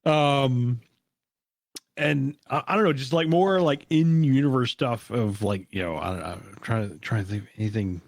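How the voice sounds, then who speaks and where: A man co-hosting a casual podcast chat, halting and searching for words, with many fillers. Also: mid-range voice, no room sound. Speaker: podcast co-host.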